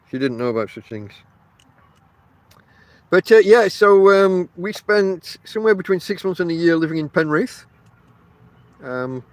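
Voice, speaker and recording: A man from Barnsley with a Northern English accent, hosting a casual rambling podcast monologue from a tent and talking straight to his listeners. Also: mid-range voice. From Barnsley, South Yorkshire, England. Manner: chatty, addresses listeners directly, many fillers. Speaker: podcast host. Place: inside a tent outdoors.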